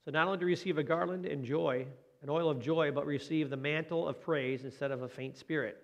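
A man's voice: a little high, steady tone, fairly quick, vocal fry, highs cut off. A man preaching a conversational sermon as a pastor. He talks in a folksy way, asks the listeners questions and adds light joking asides.

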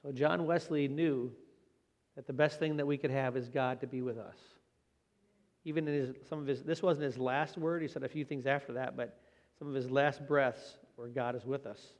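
A man preaching a Sunday sermon in an earnest, plain-spoken way, slowing down for emphasis. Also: medium pitch, fairly even intonation. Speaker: pastor. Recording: long hall reverb.

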